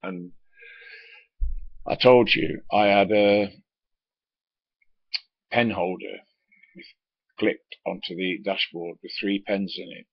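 A man's voice: deep voice, steady tone, slow, creaky, long pauses, no room sound. A man, a former truck driver, tells a rambling anecdote, swearing casually and filling it with uhs and asides. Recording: dull lo-fi recording.

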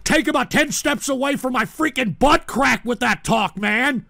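A sick man hosting a livestream talk show, exasperated, swearing and shouting at trolls. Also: very high-pitched, normal speed, vocal fry, few pauses, no echo. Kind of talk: casual livestream rant.

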